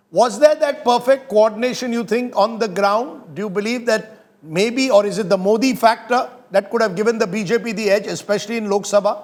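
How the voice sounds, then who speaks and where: A man, a news anchor, questioning in a measured, data-driven way. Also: high voice.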